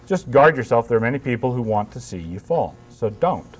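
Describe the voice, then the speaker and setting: A man's voice: medium pitch, very animated, brisk, a little hiss or hum. Man, pastor, conference talk, emphatic, wry, conversational.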